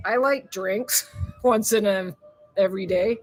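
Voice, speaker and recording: A woman's voice: mid-range voice, measured pace, no room sound, rough recording. A woman hosting a casual live stream, rambling and chatty, laughing often and swearing freely as she reads viewer comments.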